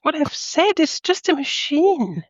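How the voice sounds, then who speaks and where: A woman speaking in character at a tabletop game, eager and excitable and tripping over her words. Her voice is high. The recording is dry and a little muffled. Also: unhurried, no room sound. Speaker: player. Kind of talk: in-character tabletop role-play.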